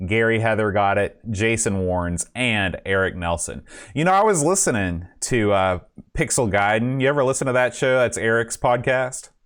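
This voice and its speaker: A man's voice: on the low side, moderate pace, a bit bright, clean tone. A man hosting a live podcast stream in casual chat, rambling and self-deprecating with many fillers. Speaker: podcast host.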